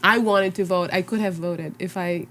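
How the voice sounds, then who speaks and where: A woman's voice: fairly low pitch, steady tone, normal speed, fairly bright tone. Teasing woman. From Czech Republic. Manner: teasing, laughs often. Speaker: podcast guest. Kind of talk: casual chat.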